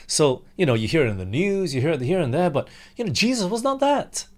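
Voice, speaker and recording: A man preaching a sermon, talking directly to the congregation and acting out desperate pleas to God in a raised, urgent voice. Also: fairly quick. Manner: animated, acts out the disciples' pleas with raised pitch.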